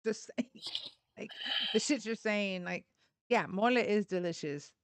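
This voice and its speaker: A woman's voice: medium pitch, unhurried, smooth, dry recording. A woman from Texas hosting a livestream, arguing politics bluntly and swearing freely. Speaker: livestream host. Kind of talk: heated political debate.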